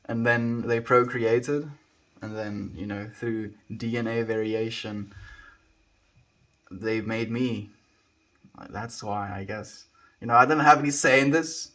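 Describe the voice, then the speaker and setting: A young man from South Africa with a South African accent, chatting casually on a live stream as he answers viewer comments in a rambling, relaxed way. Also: mid-range voice, slow pace, pauses often. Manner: laid-back, rambling, frequent likes and restarts.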